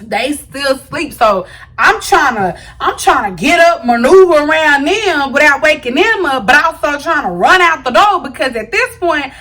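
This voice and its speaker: A young woman vlogger tells a storytime tale straight to her viewers. Her voice sits high and sounds bright. She talks in an animated, slangy way and addresses the audience directly. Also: moderate pace. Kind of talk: storytime vlog.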